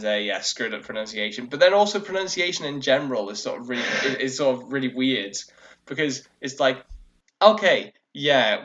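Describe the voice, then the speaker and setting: A man co-hosting a casual discussion podcast, explaining at length in a rambling, animated way, full of fillers and restarts. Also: medium pitch. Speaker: co-host. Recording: lo-fi dull audio.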